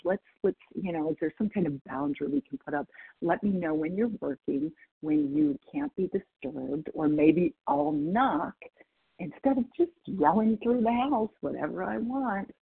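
A woman's voice: fairly low pitch, creaky, breathy edge. A woman from North Idaho sharing candidly in a recovery meeting over a call, laughing at herself and quoting others. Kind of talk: personal share in a recovery meeting. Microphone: video or phone call. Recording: phone-quality call audio.

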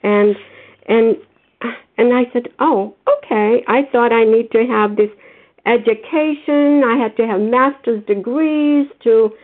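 A woman's voice: fairly high pitch, fairly even intonation, unhurried. A woman from Massachusetts giving a grateful share at a recovery meeting, often repeating words for stress. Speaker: meeting member sharing. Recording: phone-line audio.

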